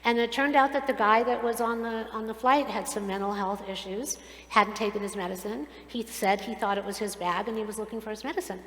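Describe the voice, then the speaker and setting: A woman's voice: medium pitch, a little fast. Woman preaching in an echoey hall. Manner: animated storytelling, earnest and preachy. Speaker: rabbi. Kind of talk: sermon. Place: synagogue sanctuary. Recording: echoey hall, long reverb.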